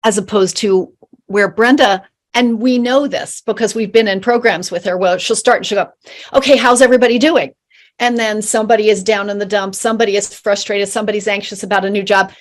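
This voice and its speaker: A woman's voice: medium pitch, fairly quick. A middle-aged woman chatting on a video call as a program participant, telling stories and acting out quoted voices. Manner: animated, acts out quoted voices. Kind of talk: casual chat on a video call.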